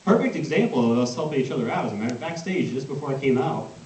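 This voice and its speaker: A man's voice: medium pitch, expressive, racing, darkish tone. A man doing a stand-up routine, telling stories and puns and laughing at his own jokes. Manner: punny storytelling with self-deprecating laughs. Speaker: stand-up comedian, pharmacy student. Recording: roomy hall, distant mic, hiss.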